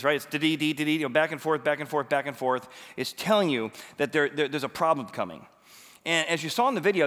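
Man, 40s, pastor, sermon, animated storytelling, mid pitch, long hall reverb. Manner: animated storytelling, rising to near-shouts when retelling his frustration.

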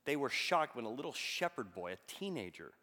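A man preaching a sermon, telling a story and reading scripture aloud with bursts of loud emphasis. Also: mid-range voice, big pitch swings, fairly quick. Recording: long hall reverb.

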